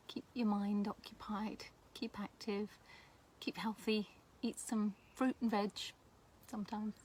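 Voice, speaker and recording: A woman's voice: lowish voice, a little hiss or hum. Chatty woman teaching signs. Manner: chatty and warm, laughing at herself. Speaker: sign language teacher. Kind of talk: casual teaching video to camera.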